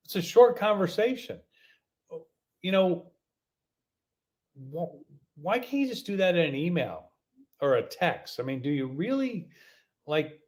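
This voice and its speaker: Guy ranting on his podcast, kinda high-ish voice, keeps asking the same question over and over. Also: lively intonation. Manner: exasperated, incredulous, repeats himself; halting, many fillers and restarts. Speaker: podcast host. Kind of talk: casual opinion rant.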